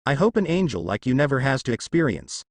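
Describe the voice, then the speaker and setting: A man's voice: medium pitch, very animated, quick pace, dry recording, studio quality. A man voicing a brash young male ninja who talks bluntly and tough, in a fan story read aloud.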